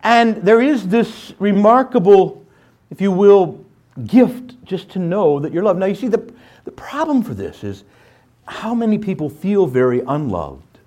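A man teaching scripture in a lively sermon style, often checking in with "right?" and acting out playful voices. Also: high voice, measured pace. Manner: animated, jumps into playful voices, asks "right?".

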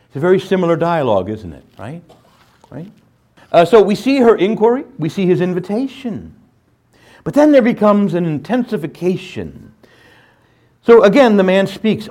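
A man teaching scripture in a lively sermon style, often checking in with "right?" and acting out playful voices. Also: on the high side, normal speed. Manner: animated, jumps into playful voices, asks "right?".

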